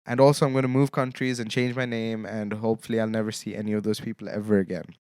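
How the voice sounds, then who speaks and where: A man's voice: on the low side, little pitch movement, fast, darkish tone, smooth, no echo, clean studio sound. A young man hosting his own solo podcast, talking casually with lame jokes and checking in with his listeners as he goes. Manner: casual, joking, often checks in with "okay?". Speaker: podcast host.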